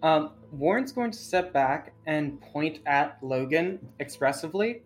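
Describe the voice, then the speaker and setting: A woman's voice: low voice, animated, a little slow, few pauses, faint music behind. A woman playing a tabletop game, chatting as she describes her character's gestures. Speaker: player. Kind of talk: casual tabletop game chat.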